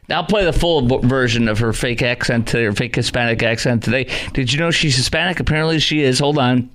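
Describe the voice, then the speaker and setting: A man's voice: medium pitch, fast, hardly any pauses, a bit bright. A man hosting a talk radio show, delivering a sarcastic, mocking monologue in a conversational way. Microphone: studio microphone.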